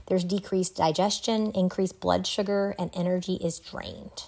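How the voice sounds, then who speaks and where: A middle-aged woman hosting a solo podcast, talking in an earnest, reflective way with an occasional soft laugh. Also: lowish voice, steady tone, a little slow, vocal fry. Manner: earnest, reflective, laughs softly now and then. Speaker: podcast host. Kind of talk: solo podcast talk on wellbeing.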